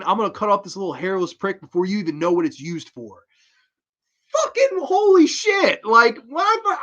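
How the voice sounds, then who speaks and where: Guy ranting casually about horror movies, lots of swearing, gets animated, slightly muffled sound. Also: mid-range voice. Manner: animated, profane, loose and rambling. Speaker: horror movie reviewer, host. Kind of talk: casual spoken film review.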